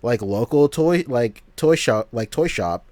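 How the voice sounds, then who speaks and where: A man's voice: medium pitch, animated, unhurried, a little mellow, dry recording. Slangy young man, dry close sound. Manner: loose, slangy, filler-heavy talk. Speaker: podcast co-host. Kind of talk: casual podcast chat.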